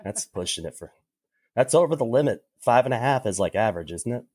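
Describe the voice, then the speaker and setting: A man's voice: medium pitch, lively intonation, fairly quick, darkish tone, slightly rough, no room sound, clean studio sound. A man from New York chatting casually on a podcast, crude and joking, laughing often. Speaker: podcast co-host. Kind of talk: casual chat.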